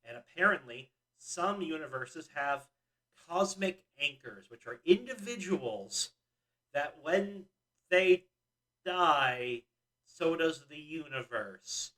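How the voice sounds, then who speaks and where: A man's voice: a little high, expressive, slow pace, fairly bright tone. A young man co-hosting a casual podcast chat, asking pointed questions and making arguments. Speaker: podcast co-host. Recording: voice a bit far from the mic.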